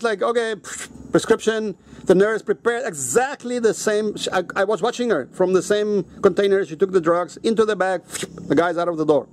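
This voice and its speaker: A man's voice: high-pitched, a little hiss or hum. Profane, heated man telling a story. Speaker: vlogger. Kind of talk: casual storytelling rant.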